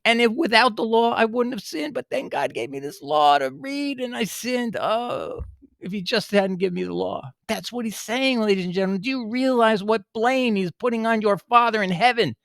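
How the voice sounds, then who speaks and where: A man's voice: high-pitched, animated, normal speed, creaky, fairly bright tone, dry recording, studio quality. A man giving impassioned, emphatic commentary on scripture, scolding his listeners and digressing often. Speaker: bible teacher.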